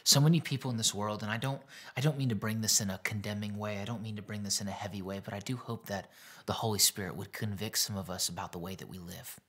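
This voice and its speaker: A male pastor preaching a sermon that retells a Bible story. He is earnest and often drops to a soft near-whisper. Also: lowish voice, steady tone, quick pace, slightly rough.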